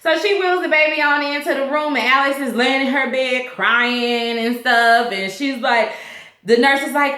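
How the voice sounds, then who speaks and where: A woman casually recapping a TV episode, slangy and animated, laughing and acting out the characters' lines. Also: sits high, normal speed. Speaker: TV episode reviewer. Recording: echoey room.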